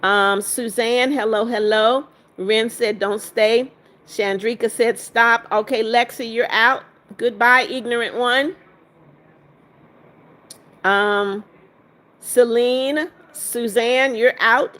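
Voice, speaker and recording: A woman's voice: a little high, fairly bright tone. Woman hosting a livestream, reading comments. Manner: reads viewer comments aloud, scolds and removes trolls. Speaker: livestream host.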